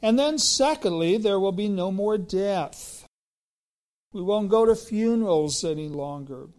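A middle-aged man preaching a sermon as a pastor, slow and emphatic, building on repeated phrases. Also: high voice, expressive, darkish tone.

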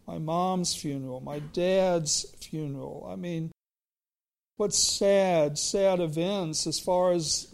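A middle-aged man preaching a sermon as a pastor, slow and emphatic, building on repeated phrases. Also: high-pitched, creaky.

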